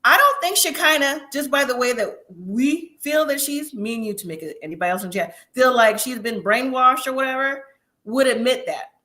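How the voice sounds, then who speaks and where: Bright-voiced chatty woman host. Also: sits high, lively intonation, normal speed. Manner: chatty, opinionated, laughs often. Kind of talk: casual live review chat.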